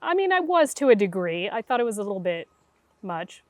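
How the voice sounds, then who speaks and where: Middle aged woman guest, animated storyteller, does the voices, dry close sound, normal pitch. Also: fairly quick, no echo. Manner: animated, acts out quoted dialogue. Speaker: guest intuitive. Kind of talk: conversational storytelling.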